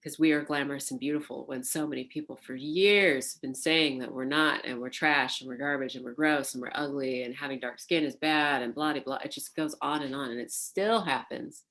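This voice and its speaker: A woman, a burlesque performer, recalling her life in an oral history interview, animated and laughing, with many fillers. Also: extremely low pitch, a little fast, few pauses. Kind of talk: reflective interview storytelling.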